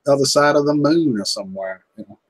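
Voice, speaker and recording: A man's voice: mid-range voice, fast, no room sound, rough recording. A man from Kentucky, hosting a casual livestream chat and telling folksy stories. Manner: folksy storyteller, chuckling often. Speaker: livestream host.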